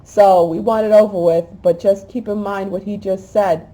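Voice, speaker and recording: A woman hosting a spiritual talk, reading a prayer aloud in an emotional, halting way. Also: medium pitch, fairly even intonation, warm tone, low-quality recording. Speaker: host.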